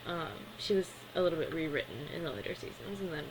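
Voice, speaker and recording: A woman's voice: deep voice, animated, quick pace, noisy background. A woman casually recapping a cartoon episode in a chatty way, with lots of filler words. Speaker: cartoon reviewer.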